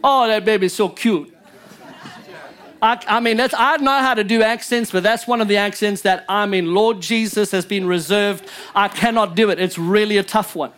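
A man's voice: high-pitched, fairly even intonation, normal speed, few pauses, a bit bright, clear, resonant tone. A male pastor preaching a sermon in church, emphatic and joking with his congregation.

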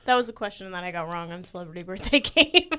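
A woman's voice: lowish voice, lively intonation, fast talker, bright, forceful tone, clear, resonant tone, no echo, studio quality. A woman co-hosting a casual chat podcast, laid-back, mostly giving short agreeing replies. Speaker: podcast co-host.

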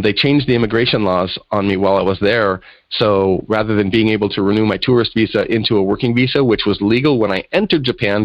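Interview guest: man, lowish voice, lively storyteller who acts out quotes. Dry, muffled recording. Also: no echo. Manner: animated storyteller acting out quotes. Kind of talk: storytelling in conversation.

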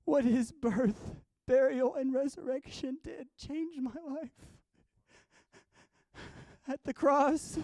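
A man, a guest minister, telling stories of his dreams and visions, swinging between hushed tones and loud bursts. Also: very high voice, fairly even intonation, slow, pauses often, dry recording, studio quality. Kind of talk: storytelling about dreams and visions.

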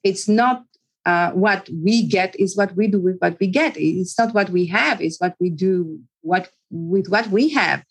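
A woman's voice: medium pitch, unhurried, slightly rough, poor audio. A woman psychologist, an interview guest, telling a personal story in an earnest way, repeating words and often restarting her sentences.

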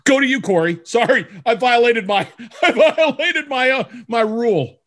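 Lively, high-pitched joking male host. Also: normal speed. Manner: playful, jokey, animated. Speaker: podcast host. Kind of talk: upbeat podcast interview.

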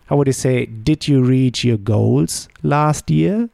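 A man teaches a podcast language lesson at an unhurried, measured pace. He sets each phrase up as a question and then answers it himself. His voice is gravelly and mid-pitched, recorded dry and close. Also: mellow, no echo. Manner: slow, deliberate drilling with question-and-answer prompts.

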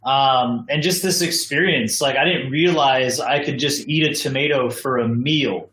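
An American man joins a podcast by video call from home, rambling casually through his story with plenty of "like" and "you know." His mid-range, fairly bright voice is unhurried, and the audio is poor with an echoey room.

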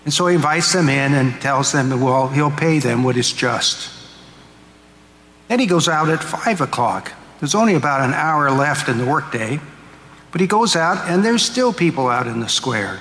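A man's voice: on the high side, animated, normal speed, fairly bright tone, a little hiss or hum. A male pastor preaching a homily, retelling a parable in a storytelling way and acting out its speakers. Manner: storytelling, acts out quotes. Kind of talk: sermon. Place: church. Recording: echoey church hall, faint ambience.

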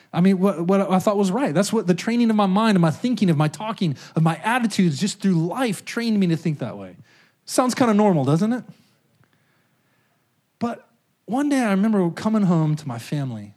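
A man's voice: animated, fairly quick, a little mellow. A man preaching a sermon in a conversational way, checking in with the congregation and acting out quoted thoughts. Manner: acts out quoted thoughts and voices with sudden pitch jumps. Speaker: pastor.

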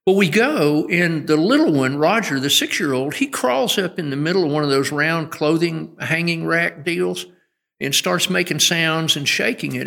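A man's voice: a little high, lively intonation, moderate pace, gravelly, sharp tone. A middle-aged man speaking as a guest educator in an interview, an earnest storyteller who often restarts his sentences. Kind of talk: conversational interview. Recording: long hall reverb.

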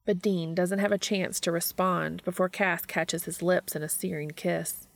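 Low, gravelly woman reading a story. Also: little pitch movement, moderate pace, few pauses, dry recording. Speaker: narrator. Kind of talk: audiobook fiction reading.

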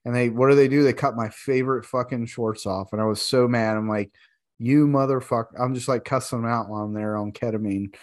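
A man, a military veteran, telling a war story in casual chat, animated and profane, laughing as he talks. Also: mid-range voice, fast, hardly any pauses.

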